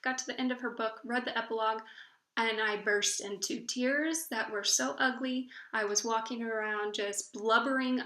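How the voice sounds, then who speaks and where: A woman's voice: fairly high pitch, steady tone, moderate pace, pushed and bright. A woman book blogger chatting casually to camera, telling stories in a gushing way and often stumbling and restarting her sentences. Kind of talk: casual vlog chat. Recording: echoey room.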